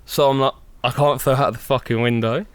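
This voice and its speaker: A young man co-hosting a podcast, telling a long story in an animated way, swearing a lot and acting out his own panic. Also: medium pitch, fairly quick, clean tone, dry recording. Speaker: podcast co-host. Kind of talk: casual storytelling.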